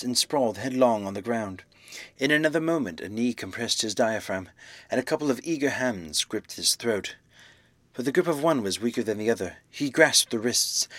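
A man reading a classic novel aloud, with measured, dramatic storytelling. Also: mid-range voice, fairly bright tone, dry recording. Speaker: audiobook narrator. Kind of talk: scripted narration of a classic novel.

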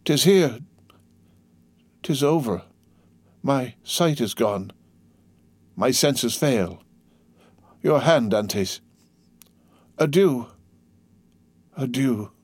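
A man's voice: mid-range voice, animated, drawn-out words, pauses often, darkish tone, breathy edge, dry recording, voice pushed up, heavily acted. Dying old priest, weak and fading, slipping to a whisper in a dry close read, as the male reader puts him on. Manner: faint, fading, at times whispered.

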